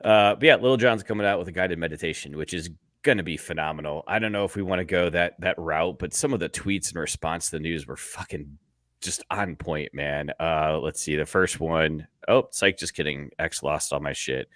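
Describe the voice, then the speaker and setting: A man's voice: low-pitched, brisk, fairly bright tone, no room sound, clean studio sound. A man co-hosting a sports podcast in casual, jokey chat, rambling and laughing often. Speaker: podcast co-host.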